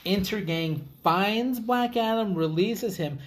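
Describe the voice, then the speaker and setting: A man's voice: high-pitched, slow. A man co-hosting a casual podcast, ranting about a movie with profanity and mocking voices of the characters. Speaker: podcast co-host. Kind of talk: casual movie-rant chat.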